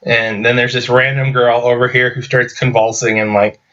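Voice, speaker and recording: A man's voice: mid-range voice, little pitch movement, moderate pace, fairly bright tone, muffled recording. A man giving a casual, sarcastic movie review, rambling with stumbling restarts.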